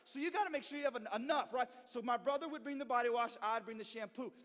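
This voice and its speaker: A young man who interns at a church, telling a story to a youth group in an animated way and often checking in with "okay?" and "right?". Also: extremely high pitch, fast talker. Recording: long reverb in a hall.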